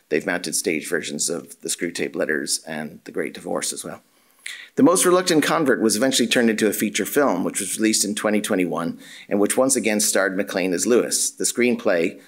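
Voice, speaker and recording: A male academic reading a prepared conference paper in a measured, formal way, with the odd "uh" and self-correction. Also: on the low side. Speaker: academic lecturer. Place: university symposium room.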